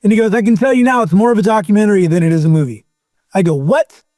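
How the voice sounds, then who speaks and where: Male guest, high pitch, animated rambling storyteller, dry mic. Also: very fast, dry recording. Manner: rambling, animated storyteller who acts out quotes. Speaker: podcast guest. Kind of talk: casual storytelling chat.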